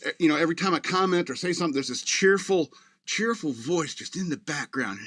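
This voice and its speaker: A man's voice: fairly high pitch, lively intonation, brisk, a bit bright, no room sound, clean studio sound. A man hosting a radio show in a casual, meandering monologue full of fillers.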